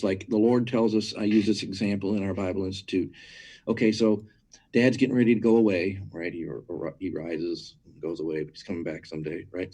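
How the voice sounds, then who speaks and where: A man with a lowish, warm, mellow voice talks as a guest in a conversational teaching style. He drives his points home emphatically, stacking repeated words, and keeps asking "right?" to his listener. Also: breathy edge. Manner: asks listeners rhetorical questions. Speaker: guest speaker on church matters.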